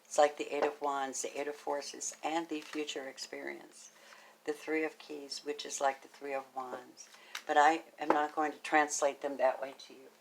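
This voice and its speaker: A woman with a deep, low-set voice talks her viewers through a tarot spread in an easygoing, conversational way. She is warm toward her listeners, muses aloud over each card, and slips into hushed, breathy asides now and then. A faint background hiss sits under the recording. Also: level tone, moderate pace, low-quality recording. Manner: chatty and affectionate, thinks aloud, drops into soft half-whispered asides. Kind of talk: casual spoken tarot reading to camera.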